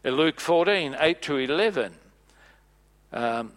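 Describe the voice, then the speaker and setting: A man preaching a sermon in a church, playful and animated, acting out bits of dialogue as he goes. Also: a little high, unhurried.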